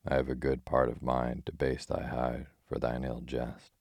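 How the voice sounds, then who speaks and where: A gruff tinker, quick to bristle, blusters in old-fashioned talk, as a man reads him in a storybook. The voice is very deep and nearly monotone. It sounds close and dry. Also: no echo, full character voice. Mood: blustering. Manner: blustering, archaic speech.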